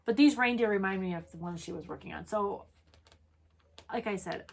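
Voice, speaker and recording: A woman's voice: medium pitch, normal speed, gravelly. A woman co-hosting a casual crafting chat, talking in a rambling way with restarts. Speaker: co-host.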